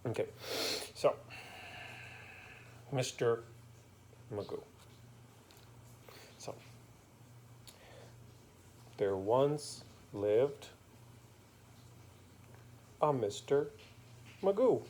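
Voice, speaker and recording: A man with a mellow, warm voice tells a bedtime story he invents as he goes. He is playful and rhyming, and stops now and then to make up details with fillers. His pitch sits in an ordinary middle range. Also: sing-song, slow, pauses often.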